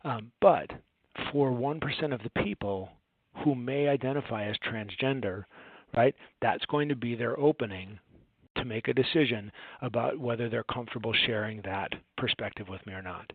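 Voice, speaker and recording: A man's voice: medium pitch, moderate pace, slightly rough, dry recording. A man in his forties presenting a training session, earnest and conversational, telling stories with lots of fillers and asides. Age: 40s. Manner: earnest, storytelling, frequent fillers and rhetorical "right?". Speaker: home care agency owner presenting a training session. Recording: tinny phone-like dry audio.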